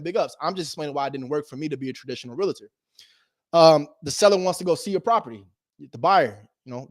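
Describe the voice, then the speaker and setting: A man giving a casual motivational talk as a host, animated and slangy, swinging between loud emphasis and low asides. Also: no echo, studio quality. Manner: slangy and direct, addresses viewers as bro. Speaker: real estate investor and video host.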